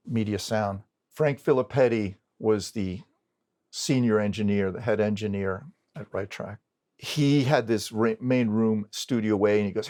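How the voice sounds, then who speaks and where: Older man telling studio war stories. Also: fairly low pitch. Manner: animated storyteller acting out dialogue. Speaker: recording engineer. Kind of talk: storytelling interview talk.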